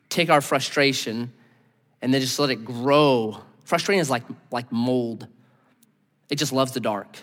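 A male pastor preaching a sermon in a lively manner, acting out the people he quotes. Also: mid-range voice, big-room sound. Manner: animated, acts out voices in quotes.

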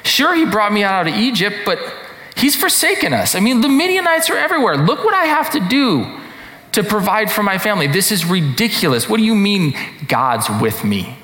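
A man's voice: sits high, very animated, normal speed, bright, forceful tone, voice pushed up, heavily acted. A man voicing a frustrated, hardworking farmer who complains to God with exasperated disbelief. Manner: exasperated, incredulous. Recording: echoey hall reverb.

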